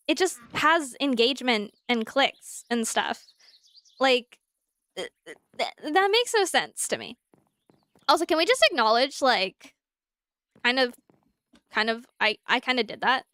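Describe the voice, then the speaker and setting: A woman's voice: high voice, moderate pace, long pauses. A young adult woman streamer chatting casually and animatedly, answering her chat while she plays. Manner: animated, talks through examples, answers chat.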